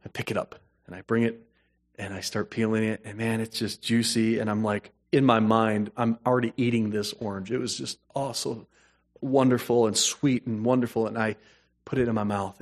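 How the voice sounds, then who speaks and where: A man preaching a sermon, moving between hushed storytelling and emphatic, rising points. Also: on the low side, fairly even intonation, normal speed. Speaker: pastor.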